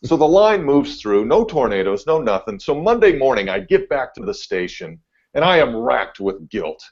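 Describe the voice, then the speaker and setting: A man's voice: medium pitch, moderate pace, breathy edge. Laid-back man telling a story. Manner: laid-back, animated when telling stories. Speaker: TV meteorologist guest. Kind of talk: casual podcast storytelling. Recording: dull lo-fi audio.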